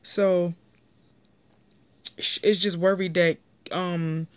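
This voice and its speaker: A woman's voice: lowish voice, little pitch movement, very slow, dry recording. A young woman talks straight to the camera, recapping a reality show episode in a loose, chatty way. She is opinionated and gets heated when someone on the show annoys her. It sounds like she is filming at home. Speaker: TV recap vlogger. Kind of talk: casual reality TV episode review.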